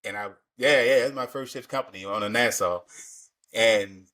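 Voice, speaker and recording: A man's voice: lowish voice, normal speed, a bit bright. A man hosting a podcast in casual interview chat, laid-back and slangy, often repeating words as he gathers his thoughts. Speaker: podcast host.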